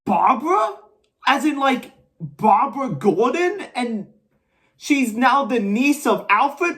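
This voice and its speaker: A woman reviewing a film in comedic rants, exasperated and bursting into shouted tirades. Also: on the high side, expressive, slow.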